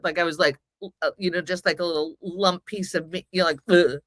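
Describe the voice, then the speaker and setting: In a casual storytelling chat on a podcast, a woman in her forties with Mexican heritage rambles through a long personal tale and acts out people's words. She talks fast in a lowish voice with fairly even intonation, recorded dry at studio quality.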